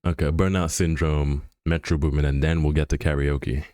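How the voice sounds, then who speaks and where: A man's voice: very deep voice, flat delivery, normal speed, a little mellow, smooth, no room sound, clean studio sound. A man chatting on a live stream in a rambling, joking way, full of fillers and restarts, often laughing. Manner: laughs often while talking. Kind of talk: casual chat on a live stream.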